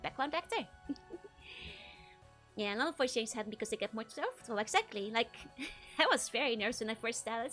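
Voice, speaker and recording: A woman's voice: a little high, fairly bright tone. Giggly woman streamer. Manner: giggly, laughs often between phrases; stammering restarts. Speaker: VTuber streamer. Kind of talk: casual chat with live chat.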